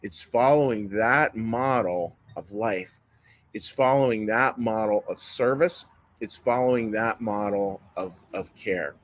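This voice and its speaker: A man's voice: fairly low pitch, measured pace, no echo, rough recording. A man in his fifties giving a sermon as a pastor, in a folksy manner with frequent restarts and repeated words. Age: 50s.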